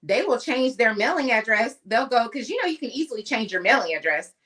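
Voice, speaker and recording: A woman from the US West Coast co-hosts a podcast in casual chat, her voice on the high side and a little bright. She talks briskly and with animation, chatty and emphatic as she tells her stories.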